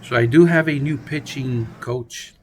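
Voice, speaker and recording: A man's voice: mid-range voice, a little slow, a little mellow, slight background noise. A man hosting a gaming video, giving casual, playful play-by-play of a baseball simulation game. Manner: playful, jokey, chatty commentary. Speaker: gaming channel host.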